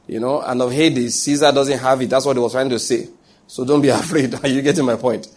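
A man's voice: medium pitch, fairly even intonation, fairly quick, darkish tone. A man preaching a sermon who reads scripture aloud and keeps asking his listeners whether they follow.

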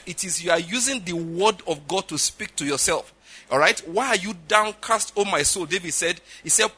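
Emphatic preacher with a bright voice. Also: male voice, a little high. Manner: emphatic, keeps checking in with the congregation. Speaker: pastor. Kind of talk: sermon.

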